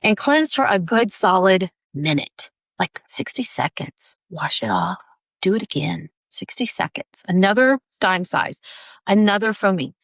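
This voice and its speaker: A chatty esthetician woman in her forties with a gravelly, fry-tinged voice. She talks emphatically and keeps repeating her instructions in a casual bathroom tutorial. The sound is close and dry. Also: medium pitch, animated, measured pace, no room sound. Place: home bathroom.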